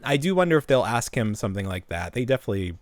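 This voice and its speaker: Animated joking male podcast co-host. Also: medium pitch, racing, no echo. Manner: animated, joking, swears casually. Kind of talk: casual chat.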